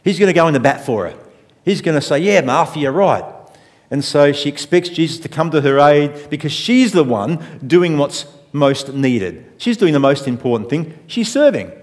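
A man preaching a sermon in a measured, reflective way, often using rhetorical questions. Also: a little high, animated, darkish tone, in a large hall. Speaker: pastor.

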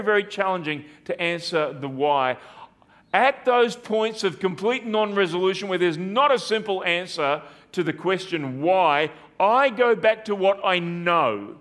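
High-voiced man preaching. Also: animated, unhurried, fairly bright tone. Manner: earnest, repetitive preaching with rhetorical questions. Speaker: pastor. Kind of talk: sermon.

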